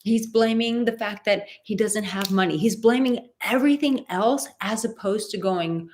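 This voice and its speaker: A woman's voice: mid-range voice, normal speed, a little hiss or hum. A woman dating coach giving emphatic, rambling advice in a live stream, often going off on tangents.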